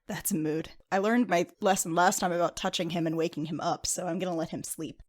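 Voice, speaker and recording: A woman's voice: on the low side, steady tone, brisk. A woman playing a tabletop game, talking in a casual, wry manner. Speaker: player.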